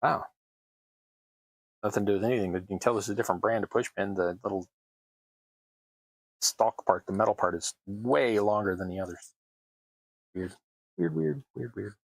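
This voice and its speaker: A man with a lowish, gravelly and slightly husky voice talks casually as he works on a hobby crafting stream. He keeps up wry, self-deprecating asides, and the sound is dry and close. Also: fairly even intonation, normal speed, long pauses, no echo, rough recording. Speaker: terrain crafting livestream host. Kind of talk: casual running commentary while crafting.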